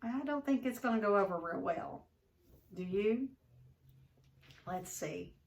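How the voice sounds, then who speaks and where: Woman, teacher, expressive read-aloud, asks class questions, mid pitch, distant mic. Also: measured pace. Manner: expressive storyteller who stops to ask the class questions. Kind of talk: reading a novel aloud to a class.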